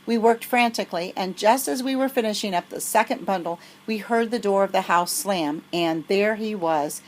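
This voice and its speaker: Woman reader for a children's novel, lively storyteller. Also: medium pitch, normal speed, low-quality recording. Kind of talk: reading a children's novel aloud.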